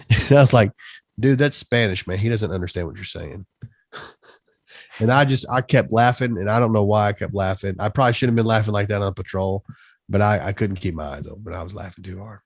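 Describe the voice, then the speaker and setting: A man's voice: on the low side, fairly quick, no echo, studio quality. A man co-hosting a veterans' podcast, recalling a patrol story in an easygoing way and laughing as he tells it. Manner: relaxed storyteller, laughs at his own tale. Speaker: podcast co-host. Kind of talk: casual veterans' podcast chat.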